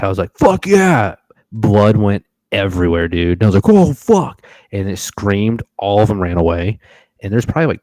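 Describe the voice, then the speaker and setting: Brief: young male host, very low voice, dry mic, animated cursing storyteller. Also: dry recording, poor audio. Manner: animated, profane, acts out his own reactions. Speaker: podcast host telling a hunting story. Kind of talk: casual storytelling on a live stream.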